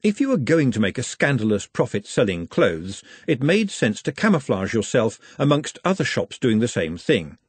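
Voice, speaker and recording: Husky male audiobook narrator. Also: mid-range voice, normal speed, few pauses, no room sound. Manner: wry, animated reading.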